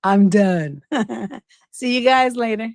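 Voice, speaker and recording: Blunt, profane woman coach, high voice. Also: takes it slowly, creaky, no room sound, studio quality. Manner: blunt, profane, animated storytelling. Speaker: relationship coach and livestream host. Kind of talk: unscripted advice livestream.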